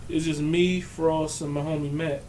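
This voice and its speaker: A man with a somewhat high voice teases and curses his way through relaxed podcast banter. He is heard from a little distance off the mic, with faint background noise. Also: normal speed. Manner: crude, teasing, laughs easily. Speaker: podcast co-host. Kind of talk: casual banter among friends.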